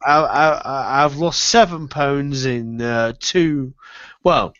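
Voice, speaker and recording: A man's voice: mid-range voice, slow, fairly bright tone. A man co-hosting a stream, casually teasing his friend and lecturing him in mock-serious tones. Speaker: stream co-host. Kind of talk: casual chat. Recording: dry, slightly muffled mic.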